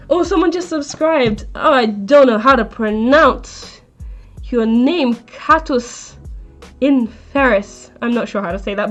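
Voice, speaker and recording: A young adult woman live streaming, retelling a story in a chatty, rambling, indignant way. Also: a little high.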